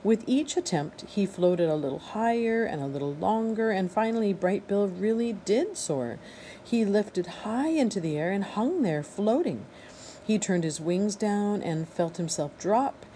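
A woman reading a children's novel aloud in a steady, expressive narration. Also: mid-range voice, a little slow, slight background noise, poor audio. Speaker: audiobook reader. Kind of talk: storybook read-aloud narration.

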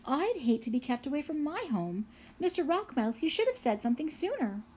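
A woman's voice: very animated, brisk. A woman voicing a squealing young beaver boy. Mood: gentle. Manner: high squealing cries, then soft. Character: young male beaver, frightened and kind.

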